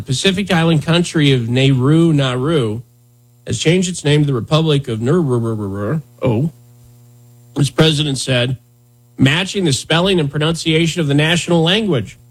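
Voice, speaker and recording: A man with a slightly high, breathy-edged voice hosts a talk radio show. He riffs sarcastically and rambles with mock indignation in casual, comedic banter.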